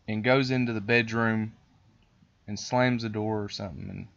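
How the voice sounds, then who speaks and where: A man hosting a podcast, telling a story in a rambling, profane, animated way. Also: on the low side, normal speed, muffled recording. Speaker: podcast host. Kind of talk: casual storytelling chat.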